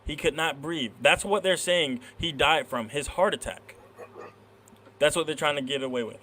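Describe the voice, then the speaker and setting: A man's voice: fairly high pitch, normal speed, pushed and bright, slight background noise. A man in a casual podcast discussion, speaking bluntly and emphatically.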